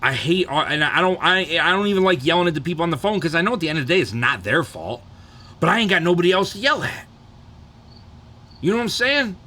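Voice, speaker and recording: Fast, animated and fairly high-pitched, a young man with a sharp tone tells rambling stories on a live stream, swearing freely in casual chat.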